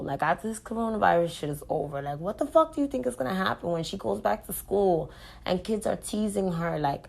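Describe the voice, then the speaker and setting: A woman's voice: medium pitch, expressive, fairly quick, vocal fry. A woman speaking straight to the camera in an unscripted, blunt monologue, swearing freely as she rants. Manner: blunt, profane, ranting. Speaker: vlogger.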